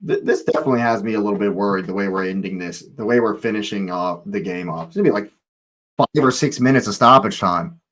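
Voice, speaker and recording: A man's voice: on the low side, fast talker, a bit bright, poor audio. A man hosting a live football watch-along, reacting with exasperated, swearing outbursts.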